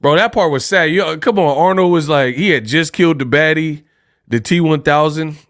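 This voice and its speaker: A man's voice: a little high, moderate pace, fairly bright tone, no room sound, studio quality. A young man hosting a casual boxing livestream, joking around and laughing often. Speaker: livestream host.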